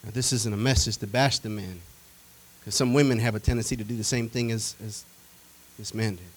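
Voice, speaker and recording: A male preacher delivering a sermon in a folksy, conversational way, animated and full of repetition and rhetorical questions to the congregation. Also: fairly low pitch, fairly quick, low-quality recording.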